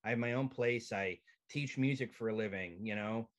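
A male comedian telling a profane, animated comic story as a podcast guest over a video call. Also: lowish voice, moderate pace.

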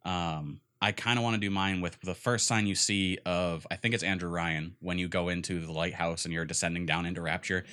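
A young man co-hosts a laid-back gaming podcast, rambling excitedly about video games and scattering fillers everywhere. His voice sits low with a steady tone, moving a little fast with few pauses. It sounds bright, forceful and clean.

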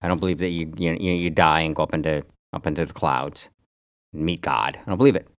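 A man co-hosting a podcast in casual chat, animated and rambling, swearing freely and restarting his sentences. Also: rumbling low, quick pace, dry recording, studio quality. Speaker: podcast co-host.

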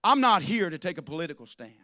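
A man preaching a sermon to a congregation, swinging from loud declarations to soft asides. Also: high voice, big pitch swings, fast. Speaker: pastor. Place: church with a congregation.

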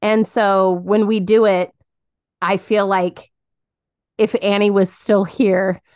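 A woman co-hosting a casual faith podcast, chatty and quick to laugh as she tells stories. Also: mid-range voice, flat delivery, a little mellow, dry recording, clean studio sound. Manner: giggly, laughs often while telling stories. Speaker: podcast co-host.

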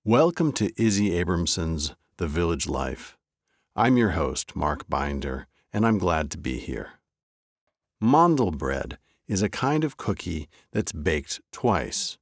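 Deep, slow, wry male storyteller. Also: sing-song, dry recording, studio quality. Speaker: host and storyteller. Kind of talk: scripted story narration.

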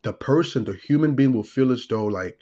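A man's voice: medium pitch, expressive, a little fast, mellow, dull audio. A man who works as a deliverance minister, explaining his views earnestly in a conversational teaching style and building his points through repeated lists. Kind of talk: conversational teaching on a talk show.

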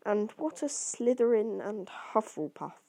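A woman's voice: medium pitch, big pitch swings, a little slow, gravelly, mellow, heavily acted. A woman voicing a curious, unsure young boy wizard in an amateur audiobook reading, asking questions.

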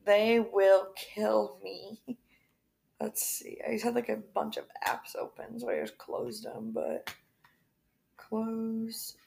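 A woman's voice: mid-range voice, slow pace, creaky, darkish tone. A young woman co-hosting a podcast in casual chat, talky and full of fillers. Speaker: podcast co-host.

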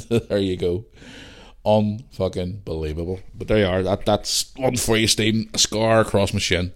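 Sweary Northern Irish man, low voice. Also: fairly even intonation, moderate pace. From Northern Ireland. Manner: swears a lot, rambling storytelling. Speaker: podcast host. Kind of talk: casual chat.

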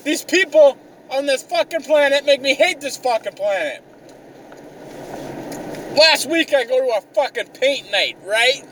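A man's voice: very high voice, lively intonation, unhurried, pauses often, fairly bright tone. A young man ranting exasperatedly in a profane, comedic vlog, swearing constantly. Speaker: vlogger. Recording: mic a bit distant, faint car noise.

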